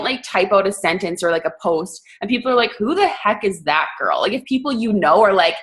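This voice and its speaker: A young woman from Canada hosting a team coaching call, talking fast and casually with lots of fillers and a sarcastic edge. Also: medium pitch, a bit bright.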